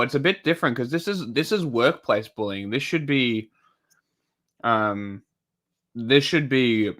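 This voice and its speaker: A man's voice: mid-range voice, sharp tone. A man chatting casually on a live stream, rambling and swearing, with lots of restarts and fillers. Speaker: livestreamer commenting on news.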